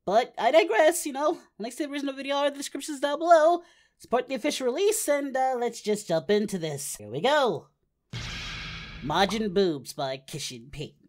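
A woman voicing a brash, excitable adult male martial artist hero, giving in-character reaction commentary and yelping at the screen. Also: high-pitched, normal speed. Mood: calm. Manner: excitable, yelps and shouts at the screen. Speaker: reaction video host.

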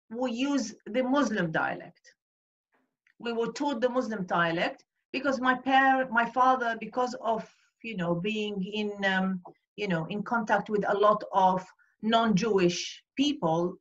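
A woman talks over a video call, her voice sitting slightly high. She hesitates and fills gaps with "um" as she hunts for words. The sound is dull and lo-fi. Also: a bit bright. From Iraq. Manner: hesitant, searching for words with many fillers. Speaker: guest speaker. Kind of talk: online event interview.

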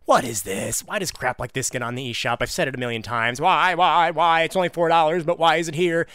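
A man's voice: on the high side, fairly bright tone, clean tone, no echo, studio quality. A young man hosting a gaming video, giving comedic, sarcastic commentary with self-mocking asides.

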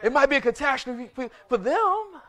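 A male pastor preaching a sermon, driving it with repeated rhetorical questions, call-and-response, and sudden shouts. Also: extremely high pitch, very animated, normal speed.

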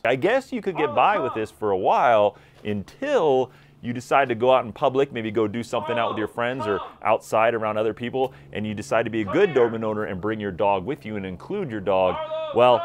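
Lively man giving dog training tips. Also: on the low side. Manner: energetic, conversational, direct address. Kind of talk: instructional talk to camera.

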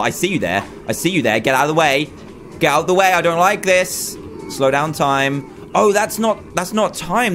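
A young man gives animated gameplay commentary, his voice sitting a touch high and swinging widely up and down. He shifts between chatty asides and yelps of mock panic, with faint music playing underneath. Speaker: gaming YouTuber.

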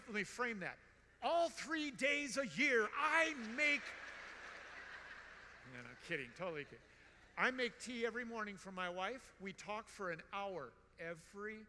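A man in his sixties giving a storytelling conference talk in a large hall, animated and joking, with emphatic repetition. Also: high voice. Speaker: conference speaker. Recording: long hall reverb.

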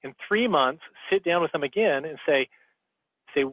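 A man's voice: a little high, lively intonation, normal speed, no room sound. A man giving a motivational talk as a guest speaker on a team call, coaching his listeners and checking in with "okay?". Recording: tinny phone line.

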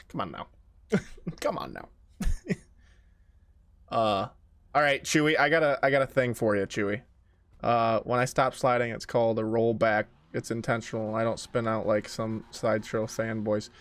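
A medium-pitched man, heard without any echo, plays a car game live for his audience. His talk is casual and crude, packed with jokes and direct replies to chat.

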